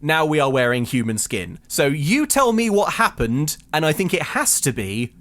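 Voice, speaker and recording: A man's voice: fairly high pitch, big pitch swings, normal speed, a bit bright. A man co-hosting a podcast, chatting casually and playfully riffing on gory details. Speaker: podcast co-host. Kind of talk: casual chat.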